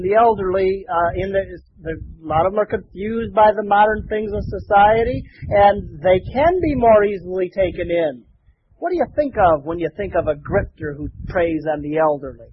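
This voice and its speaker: A man's voice: high-pitched, narrow, tinny audio, slight background noise. A man preaching a rambling, folksy sermon full of restarts. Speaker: pastor.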